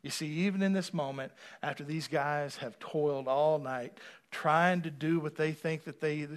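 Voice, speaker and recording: A pastor preaching a sermon, swinging from quiet asides to loud rising appeals and calling for responses from the congregation. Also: male voice, fairly high pitch, fairly even intonation, normal speed.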